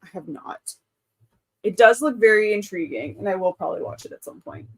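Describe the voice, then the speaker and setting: A woman's voice: medium pitch, expressive, fairly quick, slightly rough. Brief: woman, 30s, livestream host, casual and chatty, mid-range voice. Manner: chatty, reads out chat comments, frequent laughs. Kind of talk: casual live-stream chat.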